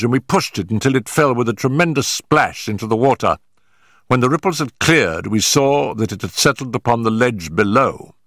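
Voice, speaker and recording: Man giving an animated dramatic reading. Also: medium pitch, no echo, studio quality. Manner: deliberate and dramatic, in period prose. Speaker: audiobook narrator. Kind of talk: scripted narration.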